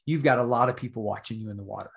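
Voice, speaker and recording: A middle-aged man telling a story on a podcast, his voice sitting at an ordinary middle pitch. He talks in an earnest, heartfelt way and checks in with his listener now and then. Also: racing, vocal fry. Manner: earnest, emotional storytelling with frequent "right?" asides. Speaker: podcast guest, author.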